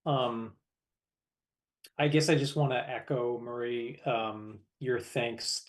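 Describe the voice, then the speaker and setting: A man's voice: mid-range voice, takes it slowly. Man chairing a meeting, loose and casual. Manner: casual, many filler ums. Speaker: board chair.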